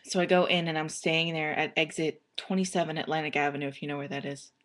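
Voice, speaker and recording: A woman's voice: low voice, flat delivery, fast, a bit bright. A young woman telling a personal story casually, rambling with many fillers and restarts.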